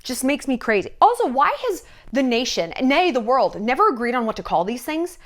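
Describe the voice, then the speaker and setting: A woman's voice: sits high, sing-song, brisk, hardly any pauses. Brash, sarcastic woman gossip vlogger. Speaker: vlogger host. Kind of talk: casual celebrity gossip vlog.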